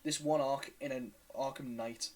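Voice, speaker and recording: A man's voice: medium pitch, fairly even intonation, unhurried, rough recording. A man hosting a casual podcast chat, rambling and swearing with many restarts. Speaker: podcast host.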